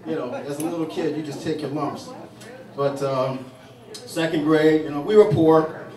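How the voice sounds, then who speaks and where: A man's voice: on the high side, moderate pace, a little mellow. A man doing a stand-up routine in a saloon, telling rambling stories full of restarts and fillers. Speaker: stand-up comedian. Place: saloon stage with an audience. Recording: distant, echoey bar recording with crowd. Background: audience laughing.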